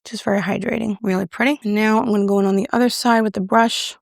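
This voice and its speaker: A woman's voice: medium pitch, fairly even intonation, fast, vocal fry, no echo, clean studio sound. A young woman casually reviewing makeup, chatty and self-deprecating as she applies it on camera. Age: young adult. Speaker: beauty YouTuber.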